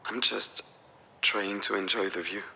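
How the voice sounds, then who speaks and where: A man's voice: fairly low pitch, fairly even intonation, measured pace, creaky, pushed and bright, a little hiss or hum, exaggerated voice. An actor playing a troubled middle-aged father in a visual novel, speaking in a subdued, confessional way. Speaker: game character.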